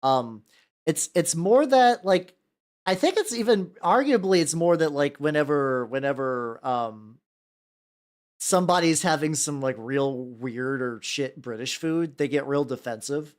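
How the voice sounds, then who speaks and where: A streamer at a home desk mic, talking in a loose, rambling way, full of fillers and the odd curse word. The pitch swings lively up and down. They keep stopping to greet the chat by name. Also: a little slow. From United States. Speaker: VTuber streamer. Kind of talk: casual live-stream chat.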